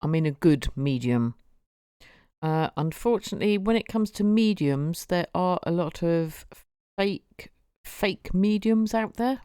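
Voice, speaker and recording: A woman's voice: lowish voice, lively intonation, measured pace, warm tone, smooth, no room sound, studio quality. A woman streaming, chatting casually with viewers and often repeating her words as she goes. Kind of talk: casual live-stream chat.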